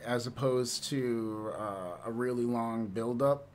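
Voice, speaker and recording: A man streams and chats casually with his viewers, rambling, laughing a lot, and swearing at times. His voice is medium-pitched and slow, with slight background noise.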